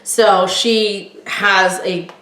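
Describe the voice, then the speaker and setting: A middle-aged woman hosting a podcast, telling a personal story in a candid, chatty way with a loud, projecting voice. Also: mid-range voice, drawn-out words, reverberant. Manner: candid, chatty, quotes others in lively voices. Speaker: podcast host.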